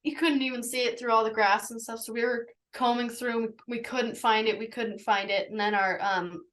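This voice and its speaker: A woman's voice: on the high side, fairly even intonation, a little fast, a bit bright, low-quality recording. A teenage girl telling a story casually as a guest, rambling and full of fillers like "like" and "anywho.". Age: teens. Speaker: young shepherd guest.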